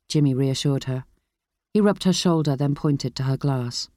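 An audiobook narrator reading a thriller in a steady, measured way. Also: mid-range voice, dry recording, clean studio sound. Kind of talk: scripted narration.

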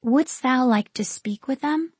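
A sweet little ghost girl with a childish lilt and old-fashioned phrasing, as a woman narrator puts her on. The voice sits higher than the narrator's own, with a husky, slightly breathy edge in a dry, close recording. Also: normal speed, dark tone, no room sound, full character voice.

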